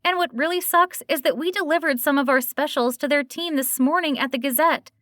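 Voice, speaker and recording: A woman narrator voicing an outspoken, indignant young woman friend, pitched well above her own voice, dry recording. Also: a little fast, a bit bright, no room sound.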